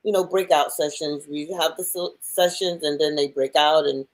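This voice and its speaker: A woman's voice: low-pitched, fairly even intonation, normal speed, low-quality recording. A woman in a casual talk-show chat, explaining her plans eagerly and chattily.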